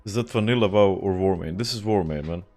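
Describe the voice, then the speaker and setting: A man's voice: low-pitched, quick pace, darkish tone, soft background music. A young man from Serbia, chatting casually and profanely while streaming a game, often laughing. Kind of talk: casual livestream chat while gaming.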